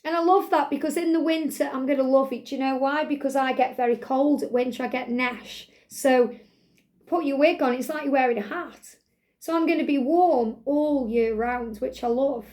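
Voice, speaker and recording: A middle-aged woman with a high voice talks through a product review, chatty and rambling. She gushes over what she shows and wanders between thoughts in an easy vlog manner. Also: moderate pace, a little mellow. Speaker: wig vlogger.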